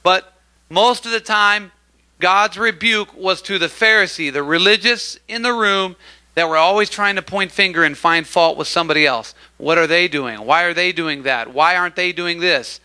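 A man preaching a sermon in a church, animated, often calling out praise and asking the congregation for an amen. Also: sits high, normal speed, clear, resonant tone. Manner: animated, acts out crowd voices, calls for amens.

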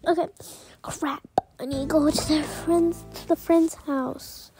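A woman's voice: sits high, steady tone, unhurried, mellow, faint music behind. A woman narrating a toy role-play as a mom, talking chattily to her viewers with many fillers.

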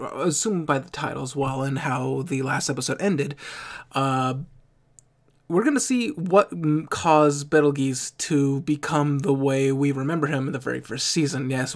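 A young man hosting an anime reaction video, chatting casually and rambling, often restarting and correcting himself mid-sentence. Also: on the high side. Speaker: anime reaction channel host.

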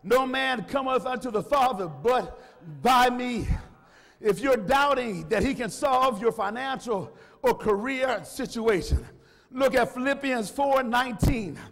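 Man preaching, very high voice, chanting cadence, long church reverb. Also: a little slow, gravelly, a bit bright. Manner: fervent, half-sung preaching cadence with frequent "uh". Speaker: pastor. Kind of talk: sermon. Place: church sanctuary.

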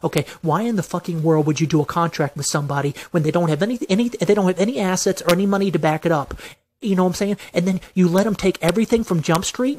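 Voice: medium pitch, a little hiss or hum. A vlogger giving a heated, profane and repetitive venting monologue, aggrieved and insistent.

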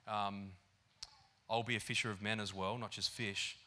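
A man's voice: on the low side, level tone, normal speed, sharp tone. A man voicing a brash, confident male fisherman who boasts about his strength. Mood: boastful.

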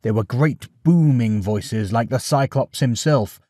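A male storyteller reading a bedtime tale, expressive and animated. His voice sits at a middle pitch and sounds dry and close to the mic. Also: a little slow, dry recording.

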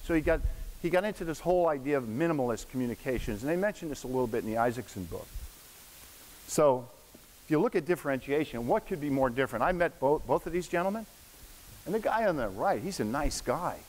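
A man's voice: on the high side, lively intonation, fast, a little mellow. A man in his sixties giving a casual, anecdotal lecture to an audience in a university hall, slipping into voices when he quotes people. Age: 60s. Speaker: guest lecturer. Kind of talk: storytelling lecture. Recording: echoey hall, faint hiss.

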